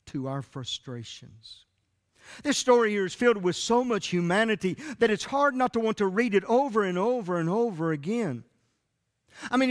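High-voiced preacher in a reverberant church. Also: male voice. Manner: preaching with rising emphatic peaks and drawn-out soft endings. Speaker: pastor. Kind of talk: sermon. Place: church sanctuary. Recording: church live stream with long hall reverb.

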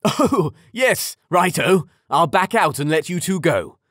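Brief: man playing a booming, gushing middle-aged father in an audiobook, pitched up high and loud, dry studio. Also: expressive, slow, dry recording, full character voice. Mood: eager. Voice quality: booming, effusive.

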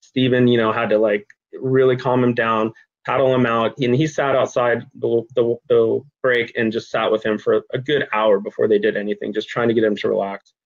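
A man's voice: medium pitch, little pitch movement, moderate pace. Middle-aged man, interview guest, sincere storyteller with many ums, muffled lo-fi recording. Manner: earnest storyteller, frequent ums, gets choked up. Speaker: nonprofit director, guest. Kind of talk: interview conversation.

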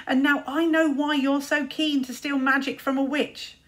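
A woman's voice: very high-pitched, animated, extremely slow, bright, forceful tone, pitched above the performer's own voice, heavily acted. A woman voicing a scornful, mocking boy wizard in a storybook reading. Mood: sneering. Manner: taunting, scornful. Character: sneering mocking boy wizard, older brother.

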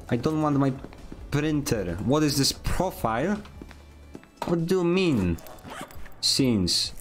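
A man's voice: mid-range voice, fairly bright tone. A man streaming a video game, chatting casually with playful, mock-dramatic complaints and outbursts. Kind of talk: casual gaming commentary.

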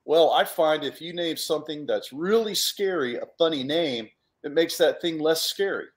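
A man's voice: fairly high pitch, lively intonation, normal speed, pitched above the performer's own voice, lightly acted. A man voicing a boastful, chicken-headed male monster guy in a storybook read-aloud. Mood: bragging. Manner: bragging, showy.

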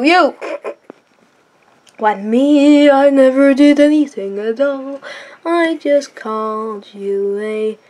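Woman vlogger, high voice, slow unhurried delivery, goofy and sing-song while drawing. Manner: silly, hums and sings to herself. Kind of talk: casual chat while drawing.

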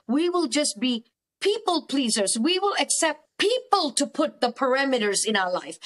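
A woman's voice: high voice, a bit bright. A woman therapist guest speaking earnestly and emphatically, often repeating words for stress. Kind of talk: faith-based counselling conversation.

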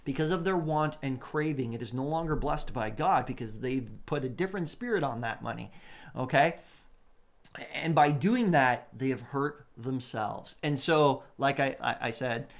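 Man preaching with lively asides. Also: medium pitch, moderate pace. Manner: lively preaching with asides and laughs, acts out quotes. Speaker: pastor. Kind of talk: sermon.

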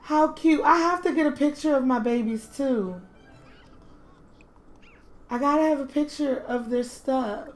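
Woman, game commentator, unhurried and doting, voice sitting a bit high. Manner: doting, gushing over her toddlers. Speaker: game streamer. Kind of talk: casual gameplay commentary.

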